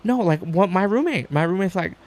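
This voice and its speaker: A man guest chatting casually on a podcast, an animated storyteller who acts out quotes with sudden high jumps in his voice and swears freely. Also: fairly quick. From Arizona, USA. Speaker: guest, stand-up comic.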